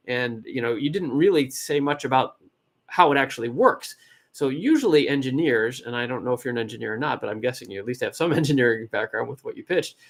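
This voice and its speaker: A man with a West Coast American accent giving casual, encouraging feedback on a startup pitch. He talks in a chatty way and often breaks off and restarts his sentences. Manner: chatty, encouraging, self-interrupting. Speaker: startup advisor and event host.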